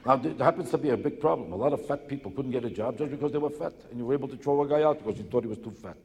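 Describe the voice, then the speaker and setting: Sarcastic stand-up comic in a big hall. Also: male voice, mid-range voice, very fast, darkish tone, breathy edge. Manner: punchy, sarcastic joke delivery. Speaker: stand-up comedian. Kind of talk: stand-up comedy routine. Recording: clip with long hall reverb.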